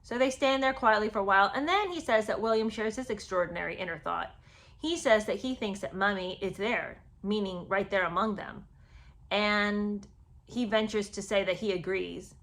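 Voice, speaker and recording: A woman's voice: medium pitch, normal speed, a bit bright. A woman giving casual, sarcastic commentary on a book, chatting with lots of ums and restarts. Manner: sarcastic, chatty, many fillers.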